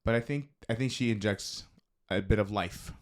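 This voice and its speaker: A man's voice: on the low side, moderate pace. A man co-hosting a live stream in casual chat, teasing his co-host and swearing freely. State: feeling hot.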